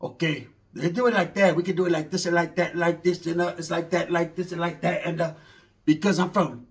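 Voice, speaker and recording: A man's voice: on the high side, flat delivery, fairly quick. A man doing a rambling, slangy comedy monologue, mixing in Spanish words.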